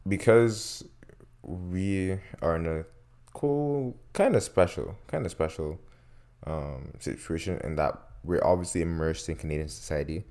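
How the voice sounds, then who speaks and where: Deep-voiced laid-back young man. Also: a little mellow. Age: young adult. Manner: laid-back, playful, teasing banter. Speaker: podcast co-host. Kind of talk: casual chat.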